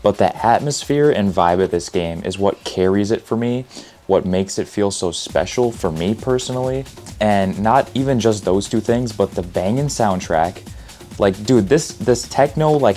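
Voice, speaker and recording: A man's voice: fairly low pitch, a little mellow. A man in his thirties hosting a casual, unscripted retro game video, slangy and enthusiastic, who often stumbles and restarts his words. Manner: stumbles and restarts, says he stutters a lot; laid-back slangy enthusiasm. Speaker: retro gaming video host.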